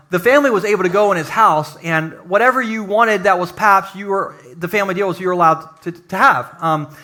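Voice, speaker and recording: Energetic joking male preacher. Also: sits high. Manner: lively, joking preaching with acted-out quotes. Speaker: pastor. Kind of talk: sermon. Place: church sanctuary, live service.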